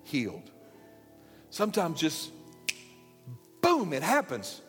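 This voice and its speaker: A man's voice: fairly high pitch, huge pitch swings, takes it slowly, a bit bright, in a large hall, soft background music. A man preaching a sermon as pastor, emphatic and fond of repeated phrases. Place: church sanctuary.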